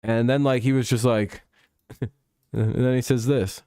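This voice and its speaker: A man holding a casual live-stream chat, rambling from topic to topic with profanity and small chuckles. His voice sits at a middling pitch. The sound is close and dry. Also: fairly even intonation, unhurried, warm tone, smooth, no echo. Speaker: stream host.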